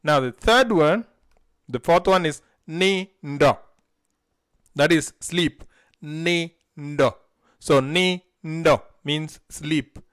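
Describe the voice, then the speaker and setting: A man's voice: on the high side, drawn-out words, fairly bright tone, smooth. A man teaching vocabulary on a live stream, saying each word syllable by syllable and having a learner repeat after him. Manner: drills words syllable by syllable, then has the learner repeat. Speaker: language teacher.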